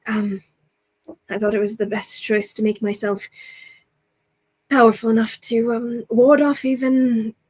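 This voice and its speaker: A woman's voice: on the high side, flat delivery, a little slow, long pauses, darkish tone, husky. A woman voicing a polite, formal young male prince who addresses the others fondly and courteously in a tabletop role-play. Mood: explaining.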